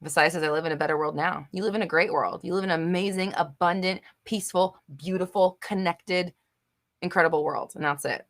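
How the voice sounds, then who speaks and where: A young adult woman hosts a live manifestation Q&A, reading viewer comments and answering bluntly and emphatically, with casual swearing and plenty of fillers. Her voice is lowish and steady in tone, and she talks fairly quickly.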